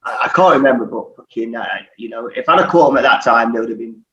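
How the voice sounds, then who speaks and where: A man in his forties, formerly a footballer, guests on a podcast and tells anecdotes casually, laughing and swearing all the while. He talks fast at a medium pitch with a fairly bright tone, on a roomy, muffled recording that carries faint hiss.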